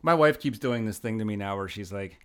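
A man's voice: lowish voice, brisk, fairly bright tone, clear, resonant tone. A young man hosting a podcast, laid-back and laughing often in casual chat. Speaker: podcast host.

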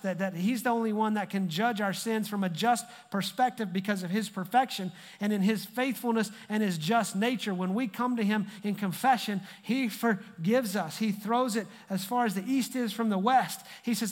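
A man's voice: high-pitched, normal speed, hardly any pauses. A male pastor delivering a sermon in a conversational way, repeating phrases for emphasis. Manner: conversational preaching with emphatic repetition. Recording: long hall reverb.

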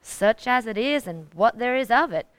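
An actress playing a gruff, bossy, middle-aged hired cook who talks in a blunt, folksy way, in 1940s radio acting. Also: female voice, on the high side, animated, moderate pace, dry recording, natural voice. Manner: blunt, folksy, ordering people about.

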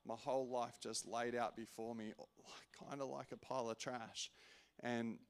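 A man preaching a personal testimony in an earnest way, restarting often and swinging from loud to hushed. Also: medium pitch, fairly even intonation, moderate pace. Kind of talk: sermon testimony.

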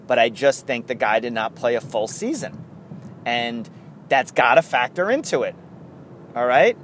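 Podcast host, man, New York accent, excitable and rambling, mid pitch, faint car noise in the background. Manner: chatty, rambling and excitable, with frequent laughs. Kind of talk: casual solo podcast chat.

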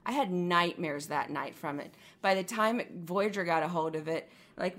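A woman co-hosting a casual fan discussion, animated and quick to laugh as she tells stories. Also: on the low side. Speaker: podcast co-host.

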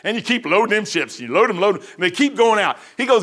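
A middle-aged man leads an informal Bible lesson in a folksy, rambling manner, hammering points home by repeating phrases. His voice sits a little high for a man and comes out forceful and pressing. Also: lively intonation, fast talker. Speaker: Bible teacher.

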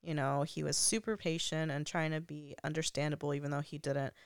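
A woman's voice: low-pitched, level tone, a little fast, clean tone, no echo, studio quality. A young woman vlogger telling a personal story in a casual, chatty way, full of "like" fillers and frequent laughs. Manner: laughs often while talking.

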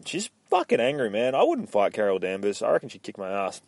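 A man swears his way through a rambling comic book recap, medium-pitched and easygoing. His voice sits dry and close, with no room sound around it. He keeps the action moving in loose, excited bursts. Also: no room sound. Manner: profane, rambling play-by-play with quick voice impressions. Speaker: comic book podcast host.

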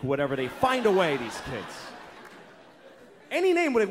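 A man's voice: high voice, huge pitch swings, normal speed, long pauses. A man in his thirties doing a stand-up routine, profane and exasperated, dropping into mock voices. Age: 30s. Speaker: stand-up comedian. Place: comedy club stage. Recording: live club recording with loud crowd and room noise. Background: audience laughter.

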